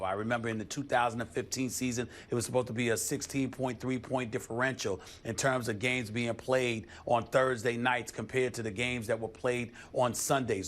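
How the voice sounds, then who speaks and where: A man's voice: mid-range voice, a bit bright. A man on a studio sports debate show, arguing emphatically and stacking up his points one by one. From United States. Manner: emphatic, builds numbered points.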